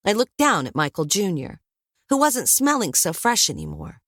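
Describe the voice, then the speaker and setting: A woman narrating a first-person audiobook in a wry, lively storytelling manner. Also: sits low, moderate pace, dry recording, studio quality.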